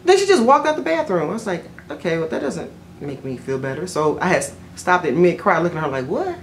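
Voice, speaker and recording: A woman vlogger telling a personal story in a chatty, rambling way, full of fillers and self-corrections, jumping up in pitch whenever she quotes herself. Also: sing-song, fast, slight background noise. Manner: jumps high in pitch when quoting herself. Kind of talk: casual storytelling to camera.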